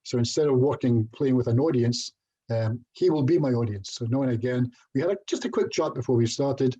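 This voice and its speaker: A man's voice: medium pitch, animated, fairly quick, warm tone, husky, muffled recording. A middle-aged Scottish man giving a casual online presentation as a hypnotherapist, chatty and self-deprecating, with little jokes. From Scotland.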